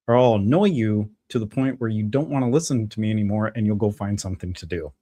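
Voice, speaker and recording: A man's voice: on the low side, expressive, quick pace, few pauses, warm tone. A man hosting a live stream, chatting casually in a rambling, ad-libbed, jokey way.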